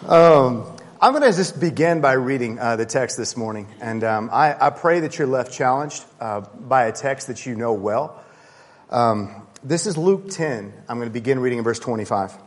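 A man's voice: medium pitch, lively intonation, normal speed. A man preaching a sermon as a pastor, talking casually, joking and poking fun at himself. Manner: casual, joking, self-deprecating. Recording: long reverb of a large hall.

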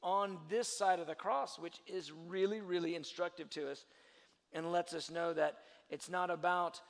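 A man delivers a sermon with a gravelly edge, his pitch sitting a touch high. He moves between quiet explaining and loud, emphatic preaching. His voice rings in the long reverb of a hall. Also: steady tone, moderate pace. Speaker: pastor.

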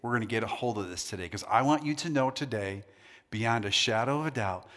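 A man's voice: mid-range voice, a little fast, fairly bright tone. A male pastor preaching to a live congregation, playful and joking, drawing the crowd into call-and-response before turning earnest. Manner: shifts from jokey banter to earnest preaching. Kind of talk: sermon. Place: church hall with a live congregation.

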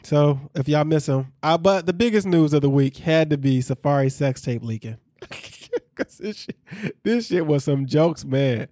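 Joking man with a dark, mellow voice. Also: fairly high pitch, moderate pace, dry recording, clean studio sound. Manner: joking, reads news aloud, laughs often. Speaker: podcast co-host. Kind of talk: casual gossip chat.

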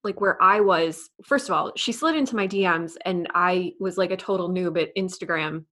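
A woman from New York with a New York accent and a slight lisp, a podcast guest telling stories in a chatty, animated way. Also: lowish voice, moderate pace. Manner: chatty, animated storytelling with lots of "like". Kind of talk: casual interview chat.

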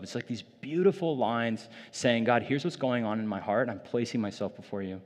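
A man's voice: medium pitch, normal speed, hardly any pauses, in a large hall. A man preaching a sermon in a loose, conversational way, full of casual fillers, in a church. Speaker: pastor.

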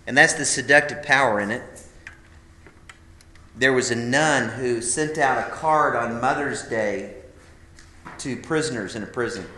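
A man's voice: mid-range voice, fairly bright tone, roomy sound. A man teaching a live class of men conversationally, emphatic, calling them "guys" and asking rhetorical questions. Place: classroom or meeting room.

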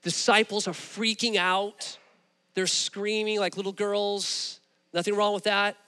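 A man preaching a sermon, telling stories with animated, rising emphasis. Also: sits high, measured pace, clear, resonant tone, in a large hall. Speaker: pastor.

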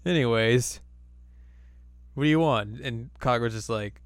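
A man's voice: medium pitch, measured pace, no room sound, clean studio sound. Laughing man recapping an anime. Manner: laughing, rambling, acts out quotes. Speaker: podcast co-host. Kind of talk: casual anime recap chat.

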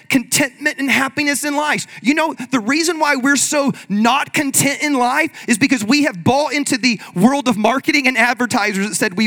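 A man preaching a sermon in an energetic, conversational way, leading the congregation in call-and-response. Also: very high voice. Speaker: pastor.

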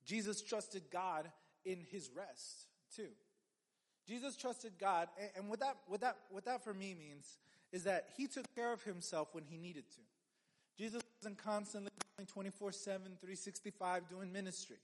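A man's voice: high-pitched, moderate pace, big-room sound. A man preaching a sermon as a pastor, in a conversational way with joking asides and frequent restarts.

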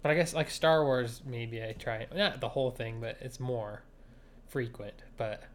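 A man's voice: mid-range voice, unhurried. A man co-hosting a podcast in casual chat, teasing his co-host with a wry manner and laughing often.

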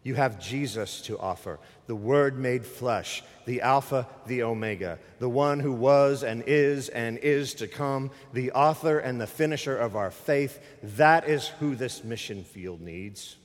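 A man's voice: mid-range voice, unhurried, hardly any pauses, long reverb tail. A middle-aged man preaching a sermon in a church, speaking emphatically and conversationally through a microphone and appealing directly to the congregation. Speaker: pastor. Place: church sanctuary.

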